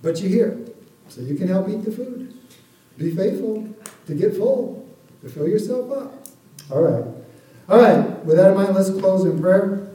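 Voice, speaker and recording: Male pastor, high and mellow voice, preaching casually, recorded far off the mic in a roomy hall. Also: expressive, unhurried, pauses often. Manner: conversational, keeps asking the congregation for an amen. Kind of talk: sermon. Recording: echoey room, voice from far off the mic.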